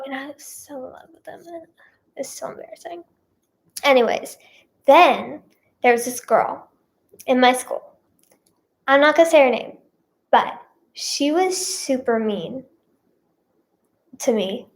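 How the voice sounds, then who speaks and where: Slow, high-voiced woman telling a story. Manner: rambling, filler-heavy, repeats herself; dramatic emphasis on feelings. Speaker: singer and vlogger. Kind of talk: casual storytime chat.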